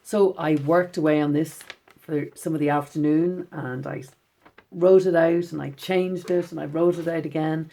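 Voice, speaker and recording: A low-pitched woman teaches schoolchildren in a gentle, encouraging tone. She reads her poems out slowly and with care. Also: fairly even intonation. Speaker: poet teaching children. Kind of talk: recorded lesson for schoolchildren.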